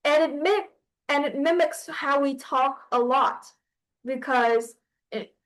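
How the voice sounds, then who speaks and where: A woman teaches poetry to a class in a high, light voice. She talks slowly and haltingly, pausing often and restarting her sentences as she works through an explanation. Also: low-quality recording. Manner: hesitant, with frequent pauses and restarts.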